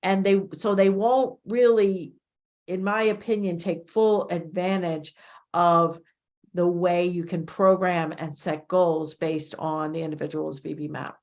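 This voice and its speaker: A woman's voice: fairly low pitch, steady tone, measured pace, darkish tone. A middle-aged woman, a behavior analyst hosting an interview, talks in a rambling way and often corrects herself mid-sentence. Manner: rambling, self-correcting, chatty. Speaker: podcast host, behavior analyst. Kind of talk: conversational interview.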